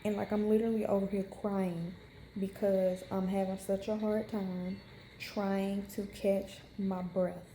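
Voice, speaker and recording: A young woman in a hospital room, unwell and in pain, talks frankly to camera with a steady, even pitch and a soft, mellow tone. The sound carries a roomy echo with faint ambience behind her. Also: unhurried, a little hiss or hum. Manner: frank, chatty, many fillers. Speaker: vlogger. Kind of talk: casual storytelling to camera.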